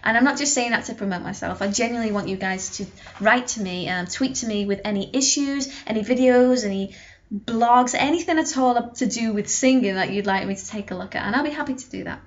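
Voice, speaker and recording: A woman's voice: a little high, brisk, muffled recording. A young woman singing teacher giving a vocal lesson to camera, explaining technique with sung and spoken demonstrations.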